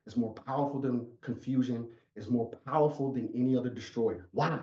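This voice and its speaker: A man's voice: medium pitch, fairly even intonation, fairly quick, mellow. A man coaching an online audience with an emphatic, repetitive storytelling delivery, heard over a video call. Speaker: life coach. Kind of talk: motivational talk. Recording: echoey, muffled sound.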